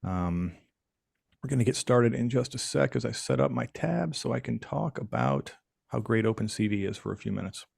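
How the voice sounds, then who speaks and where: A man from Michigan hosting a live stream, chatting casually and jokingly with the audience and pausing often on fillers. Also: mid-range voice, expressive, vocal fry, darkish tone, slightly rough, no echo, clean studio sound. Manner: playful, jokey, chatty with frequent fillers. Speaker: livestream host.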